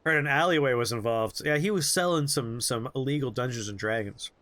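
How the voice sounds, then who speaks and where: A man's voice: mid-range voice, fairly quick, a bit bright. A young man streaming a game who tells a rambling, jokey story with lots of animation. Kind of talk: storytelling while playing a game.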